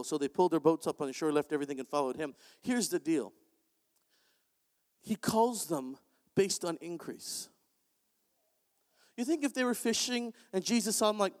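A man preaching an energetic sermon in a large church, animated and joking with bursts of shouting. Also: a little high, normal speed. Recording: long hall reverb.

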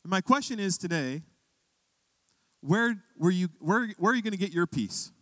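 Pastor, male, chatty storyteller in the pulpit, slightly raised pitch, dry sound. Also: lively intonation, moderate pace, a bit bright, no echo. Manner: conversational storytelling, rising to emphatic questions. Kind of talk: sermon with a personal story.

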